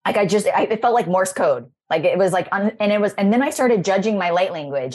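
A woman's voice: medium pitch, animated, quick pace, hardly any pauses, darkish tone. A woman in her thirties hosting a podcast, talking in an effusive, rambling and emotional way about spiritual growth. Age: 30s. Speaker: podcast host. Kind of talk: casual spiritual chat.

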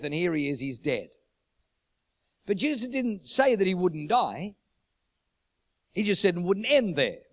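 High-voiced male preacher. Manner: repeats phrases for emphasis, builds urgency. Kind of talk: sermon.

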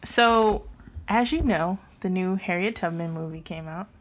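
A woman's voice: lowish voice, measured pace. A young woman co-hosting a podcast, talking in a candid, opinionated way with many fillers and restarts. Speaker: podcast co-host. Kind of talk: casual chat. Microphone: handheld mic.

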